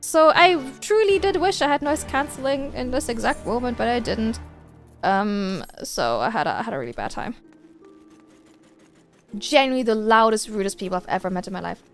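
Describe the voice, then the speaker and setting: A woman streamer telling a story in casual chat while gaming, animated and exasperated, swearing freely. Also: on the high side, moderate pace, soft background music.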